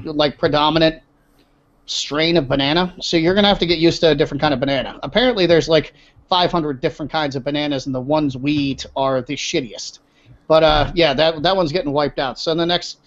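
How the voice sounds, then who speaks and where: A man's voice: on the high side, brisk. A man hosting a casual podcast, blunt, opinionated and profane. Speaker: podcast host. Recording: dull lo-fi sound.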